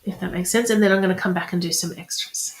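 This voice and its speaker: A woman's voice: on the low side, steady tone, quick pace, noisy background. A woman speaking as a spiritual reader and coach in a chatty, encouraging live-streamed talk, repeating affirmations. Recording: roomy echo.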